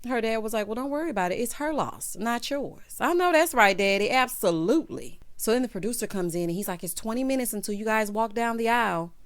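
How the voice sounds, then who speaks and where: A woman's voice: on the high side, quick pace, hardly any pauses. A woman giving a sassy, chatty recap of a reality TV episode, acting out the cast's lines as she goes. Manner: sassy, animated, acts out cast quotes. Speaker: show recap host. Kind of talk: casual TV recap commentary.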